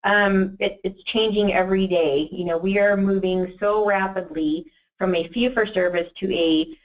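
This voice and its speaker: A woman's voice: medium pitch, steady tone, normal speed, muffled recording. A woman presenting a webinar in a casual, enthusiastic way, with many fillers and restarts.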